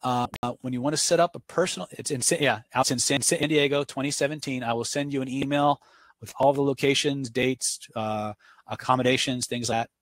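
A man's voice: medium pitch, a little fast, dry recording. A man teaching a live webinar, answering viewer questions off the cuff and telling stories to make his points in a conversational way. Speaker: webinar instructor.

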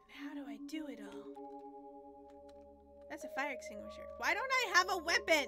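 A woman's voice: high-pitched, big pitch swings, brisk. A woman streaming a horror game, talking to herself in a flustered, panicky way, dropping to whispers and jumping to shrieks. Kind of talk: live game commentary. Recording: music playing behind the voice.

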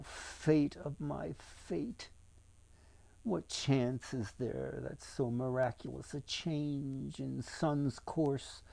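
Man doing a hushed, anxious storybook figure. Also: medium pitch, gravelly, full character voice. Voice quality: whispery, hushed. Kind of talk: storybook reading.

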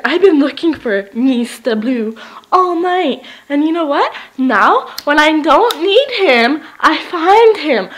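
A young woman giving a casual, giggly tour of her old basement, swearing freely and getting animated as she tells stories. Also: high-pitched, a little slow. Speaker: vlogger giving a house tour. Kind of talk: casual rambling vlog tour. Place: empty basement of an old house, indoors.

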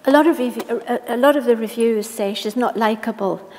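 Woman interviewer, slightly high voice, measured questions, hall reverb. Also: darkish tone. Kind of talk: onstage author interview. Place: library event hall.

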